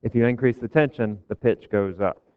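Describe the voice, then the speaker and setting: A man's voice: mid-range voice, moderate pace, clean tone, no echo. A man giving a physics lecture to a class, casual and joking with his students. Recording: dull, dry lecture recording.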